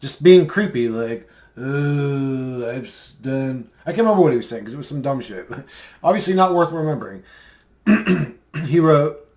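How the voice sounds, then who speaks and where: A man's voice: fairly high pitch, big pitch swings, moderate pace, a little mellow. A man in a casual commentary vlog, rambling and mocking, with many fillers as he replies to comments. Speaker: video creator replying to comments.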